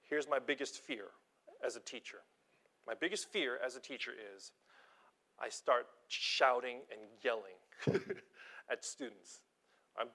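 In a loose, informal sermon, a man who works as both preacher and schoolteacher pokes fun at himself while recounting teaching stories. His medium-pitched delivery is animated, dipping into hushed asides before rising into loud, emphatic moments.

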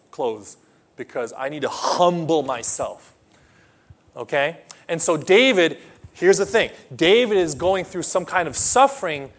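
A man preaching a sermon, emphatic, swinging between loud outbursts and quiet asides; English is not his first language. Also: on the high side. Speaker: pastor.

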